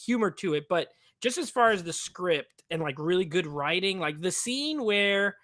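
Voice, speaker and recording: A man's voice: high-pitched, expressive, moderate pace, fairly bright tone, no room sound, studio quality. A man co-hosting a casual movie review chat, talking with enthusiasm and rambling with many fillers. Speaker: podcast co-host.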